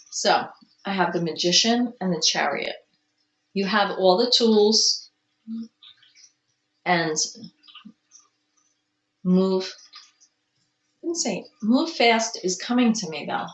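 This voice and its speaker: Tarot reader lady talking slow, dreamy and gushy, throat a bit scratchy, echoey room. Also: mid-range voice, lively intonation, muffled recording. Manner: slow, musing and gushing, with soft exclamations. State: clearing her throat from allergies. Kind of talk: casual tarot reading to camera.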